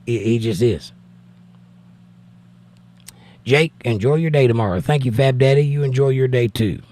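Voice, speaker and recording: Male host, Southern Georgia accent, middle pitch, blunt and plain-spoken, reads chat and debates scripture. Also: brisk, mellow. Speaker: livestream host reading chat. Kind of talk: casual livestream chat.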